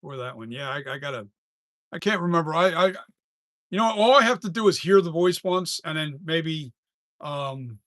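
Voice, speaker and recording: A man chats casually on a live stream about his mask work. He rambles, trails off and restarts his sentences. His voice sits fairly high, and the sound is dry with no room echo. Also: animated, normal speed, a bit bright.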